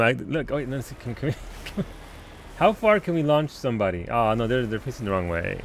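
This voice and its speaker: Here a gamer commentates his live stream at a fairly quick pace, his voice pitched mid-range. He gets worked up as he answers viewers, swearing and breaking into laughter often.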